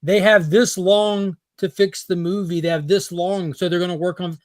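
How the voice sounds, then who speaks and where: Fairly high-voiced man in casual chat. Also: steady tone, no echo. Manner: opinionated, quick to argue a point. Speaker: panelist on a pop culture talk show.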